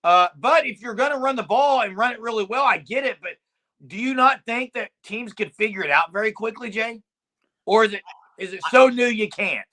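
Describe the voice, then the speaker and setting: Male co-host, high and bright, argumentative, keeps naming his partner. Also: normal speed. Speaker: sports podcast co-host. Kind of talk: casual sports talk.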